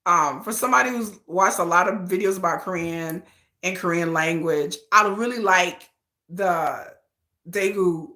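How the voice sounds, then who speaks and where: A woman's voice: on the low side, unhurried, pushed and bright, roomy sound. A woman hosting a casual livestream, gushing and laughing as she acts out quotes. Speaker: livestream host.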